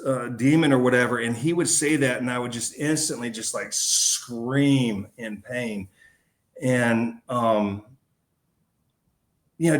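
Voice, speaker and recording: A man, a podcast guest, recounting a personal story in a casual, slangy way. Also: mid-range voice. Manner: casual and slangy, calling the host man and dude.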